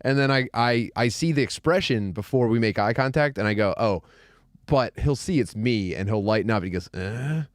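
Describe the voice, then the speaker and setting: A man's voice: medium pitch, a little fast, hardly any pauses, clear, resonant tone, dry recording, clean studio sound. A young man hosting a casual podcast, telling stories with animation and acting out the voices of the people in them. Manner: animated storyteller, acts out other people's voices. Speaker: podcast host.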